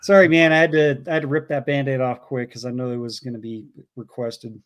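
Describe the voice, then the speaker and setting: A man's voice: medium pitch, little pitch movement, brisk, fairly bright tone. A man co-hosting a casual livestream, reading out viewer messages with frequent fillers and chuckles. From Canada. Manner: reads donor messages aloud with fillers and laughs. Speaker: co-host reading super chats.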